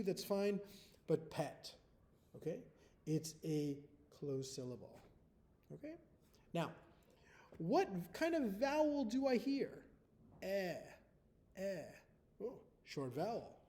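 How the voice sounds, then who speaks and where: A man's voice: a little high, dark tone. A male first-grade teacher giving a recorded spelling test to young children, patient, often checking in with "okay?" after each step.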